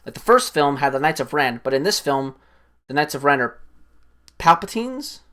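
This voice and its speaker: A man giving a rambling, swear-filled casual recap of a film he just watched, his voice jumping up when excited. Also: medium pitch, brisk. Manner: animated, voice jumps up when excited. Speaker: streamer.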